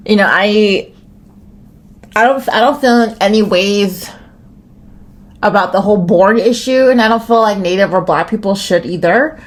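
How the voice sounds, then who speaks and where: A woman's voice: mid-range voice, measured pace, pauses often. American woman ranting on her own podcast, swears a lot, rambly, says like constantly. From United States. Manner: rambling, profane, restarts and many "like"s. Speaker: podcast host. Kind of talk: solo podcast rant.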